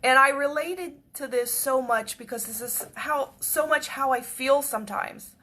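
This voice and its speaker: Higher-voiced woman telling a personal story. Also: unhurried. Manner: chatty and repetitive, often drops to a hush. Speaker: devotional speaker.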